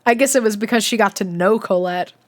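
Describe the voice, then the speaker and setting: A woman's voice: mid-range voice, fast. A woman streaming a read-aloud of a children's book, breaking off for chatty, laughing asides. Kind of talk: livestream read-along with chat asides.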